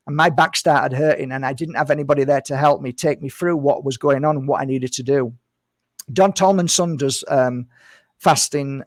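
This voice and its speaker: A man's voice: medium pitch, no room sound, clean studio sound. A man talking casually to camera as a healer and vlogger, earnest and rambling, repeating his phrases and calling his viewers "guys.".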